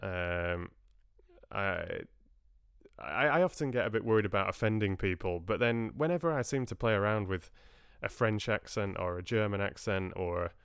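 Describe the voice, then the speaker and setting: In a friendly, rambling chat with his live viewers, a man who hosts streams and reads audiobooks keeps restarting his sentences. His lowish voice is creaky yet a bit bright and clean, at a moderate pace, with studio quality and no room sound.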